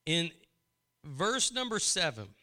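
A man preaching a sermon, often repeating his phrases and building in fervor before dropping to a hushed prayerful tone. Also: fairly high pitch, very animated, slow pace. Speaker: pastor.

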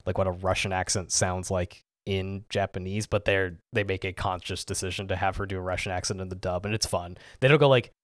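Low, dry-voiced man chatting casually. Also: steady tone, a little fast, hardly any pauses, no echo. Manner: rambling, full of "like" and "um". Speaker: podcast co-host. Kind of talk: casual chat.

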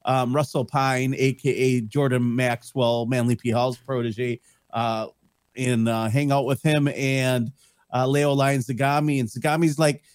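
Male guest, middle-aged, jokey rambling storyteller, even mid pitch, dry recording. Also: unhurried, smooth, no echo. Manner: joking, rambling storyteller with mock voices. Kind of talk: casual chat.

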